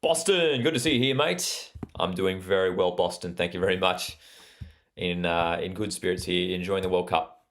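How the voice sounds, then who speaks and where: A man's voice: low voice, normal speed, a bit bright. A young Australian man hosting a live football watchalong, chatting casually and reading out viewer comments with plenty of fillers. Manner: chatty, reads out live chat, frequent fillers. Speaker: watchalong host.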